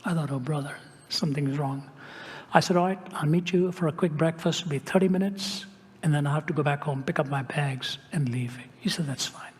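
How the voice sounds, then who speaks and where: Older man, sermon storytelling, somewhat high-pitched, hushed whispers, long hall reverb. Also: brisk. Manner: dramatic shifts to a hushed whisper. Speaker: preacher.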